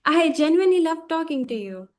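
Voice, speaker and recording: A woman's voice: extremely high pitch, sing-song, brisk. A woman hosting an English learning channel, politely asking questions over a video call. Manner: polite, soft-spoken questioner. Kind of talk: casual video call interview.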